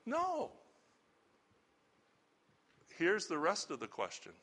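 A man's voice: high-pitched, expressive, a little slow, bright, forceful tone. A middle-aged man preaching a sermon as a pastor, earnest and conversational, asking the congregation rhetorical questions.

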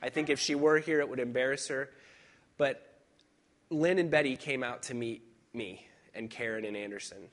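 A man preaching a sermon as pastor, speaking in a conversational, personal way with reflective pauses and emphatic repetition. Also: medium pitch, fairly bright tone.

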